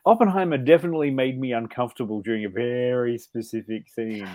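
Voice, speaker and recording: A man's voice: medium pitch, fast, darkish tone, no room sound. A man co-hosting a podcast in casual chat, wry and sarcastic, rambling with restarts. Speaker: podcast co-host.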